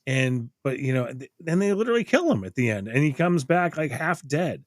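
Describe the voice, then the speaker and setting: A man's voice: medium pitch, sing-song, a little fast, dry recording. A middle-aged man reviewing a movie in casual podcast chat, rambling, swearing freely and acting out quotes. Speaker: podcast co-host.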